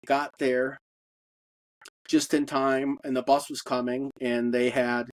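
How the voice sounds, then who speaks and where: A man talks through his own story in a halting, unpolished monologue. He stops often on ums and uhs and swears bluntly. His voice sits at a middling pitch and comes across dry, with no room sound around it. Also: dry recording, poor audio. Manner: halting, with many fillers and blunt profanity. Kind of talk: personal testimony monologue.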